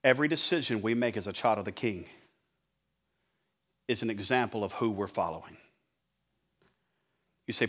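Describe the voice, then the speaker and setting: A middle-aged man preaching as a pastor, telling an animated sermon story and acting out his own shouting. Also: lowish voice, moderate pace, long pauses. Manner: animated, acts out his own yelling at a referee.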